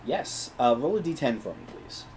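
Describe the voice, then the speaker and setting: A man's voice: mid-range voice, big pitch swings, moderate pace, creaky, darkish tone, a little hiss or hum. A man narrating as game master of an online tabletop game in an easygoing way, thinking aloud between turns. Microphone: home streaming mic.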